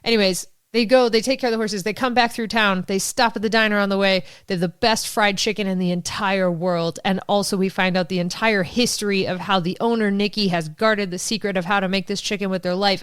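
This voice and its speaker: A woman co-hosts a laid-back podcast, summarizing a book in a quick, animated storytelling style full of asides. Her voice is smooth and clear. The sound is dry, recorded close to the mic. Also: mid-range voice, no room sound. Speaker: podcast co-host. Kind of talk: casual book-summary chat.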